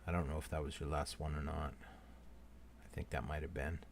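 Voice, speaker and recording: Male live-stream host, very low voice, calls names loudly, then drops to quiet asides. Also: level tone, moderate pace, slight background noise. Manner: apologetic, repeating "so sorry, my friend" to each name; swings between loud call-outs and quiet asides. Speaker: livestream host running a giveaway. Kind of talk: casual live-stream commentary.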